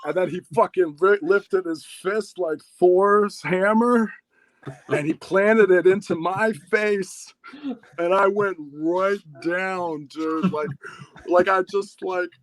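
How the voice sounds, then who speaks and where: A man's voice: takes it slowly, slight background noise. A man in his thirties, a podcast guest, telling a story in casual chat with lots of swearing. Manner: animated, profane storytelling that gets louder and higher when excited.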